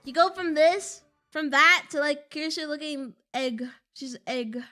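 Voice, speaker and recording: A woman's voice: sits high, measured pace, sharp tone, soft background music. A young woman streaming a game, joking dramatically and reading its text aloud in a casual chat.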